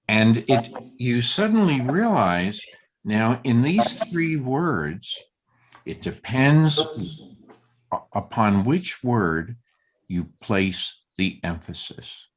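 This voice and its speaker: This man's mid-range voice has a sing-song lilt, with slight background noise behind it. He guides a group through Torah study, pausing to find words and considering which to stress as he reads.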